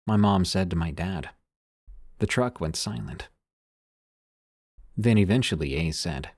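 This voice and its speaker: A male narrator reads scary stories sent in by listeners, using a measured storytelling style that drops quieter on the eerie lines. His voice is low and expressive, and the recording is dry with clean studio sound.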